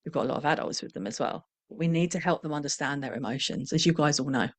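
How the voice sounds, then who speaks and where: A middle-aged woman with a lowish voice talks to fellow professionals about parenting in a candid, reflective way. She briefly acts out the quoted parents and children as she goes. The sound is dry and close, with no room echo. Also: fast. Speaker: parenting trainer. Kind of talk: conversational talk to professionals.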